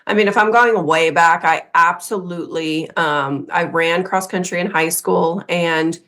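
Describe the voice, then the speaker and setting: A woman's voice: on the low side, a little slow, a bit bright. Candid, self-mocking woman podcaster. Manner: candid, self-mocking storytelling with quoted asides. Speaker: podcast co-host. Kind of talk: casual podcast chat.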